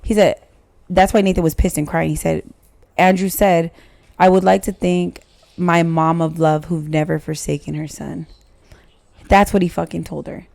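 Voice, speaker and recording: A woman in her forties with a fairly low voice and plenty of gravelly fry, talking as a guest on a podcast. She tells her story bluntly and emotionally, swearing often. It is casual and unfiltered. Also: little pitch movement, moderate pace, a little mellow, dry recording. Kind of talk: candid casual chat.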